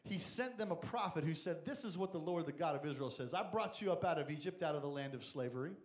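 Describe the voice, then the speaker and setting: A man preaching a lively, jokey sermon as a youth pastor, acting out Bible stories. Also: fairly high pitch, fast talker, roomy sound. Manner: energetic, jokey, acts out Bible figures.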